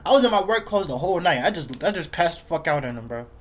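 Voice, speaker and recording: A man's voice: on the high side, animated, quick pace. Slangy young man rambling a story. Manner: slangy, rambling, repeats phrases, says "bro" constantly. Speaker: vlogger. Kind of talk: casual storytelling vlog.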